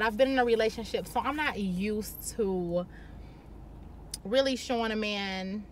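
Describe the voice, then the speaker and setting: Bright, brash woman vlogger. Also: fairly high pitch, slight background noise. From Chicago. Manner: blunt, profane, animated. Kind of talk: candid storytelling to camera.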